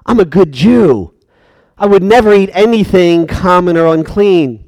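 A man's voice: high-pitched, measured pace, a little mellow, no echo. A man voicing an impetuous, stubborn apostle in a sermon, protesting insistently.

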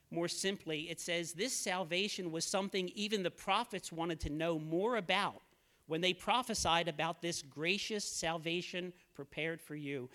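High-voiced man preaching a sermon. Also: a bit bright. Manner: earnest, pleading, reads scripture aloud.

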